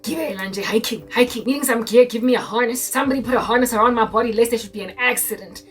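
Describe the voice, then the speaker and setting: A young woman with a South African accent tells a story in a loose, chatty way, switching languages and checking in with her listeners. Her voice sits a little high. She sounds set back from the mic, and soft music plays underneath. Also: quick pace. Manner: mixes English with Sesotho, frequent "do you understand?". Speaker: Christian YouTuber. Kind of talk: casual storytelling monologue. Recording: distant mic with faint music behind.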